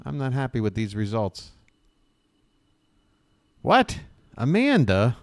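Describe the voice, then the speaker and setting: A man's voice: mid-range voice, wildly swooping pitch, takes it slowly, no room sound, clean studio sound. A man hosting a live stream, riffing with sarcastic jokes in a rambling, self-interrupting way. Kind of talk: casual live-stream commentary.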